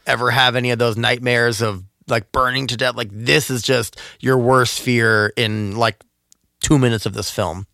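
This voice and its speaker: A man co-hosting a podcast in casual chat, musing and asking questions, slowing down to draw out details. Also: mid-range voice, fairly even intonation, gravelly, bright, forceful tone, no room sound, studio quality. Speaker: podcast co-host.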